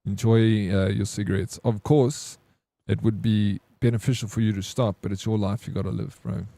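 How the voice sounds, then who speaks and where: A man's voice: on the low side, vocal fry, dark tone, no echo. A man casually telling a story to his stream chat, swearing and calling people bro. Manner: laid-back, swears, says "bro".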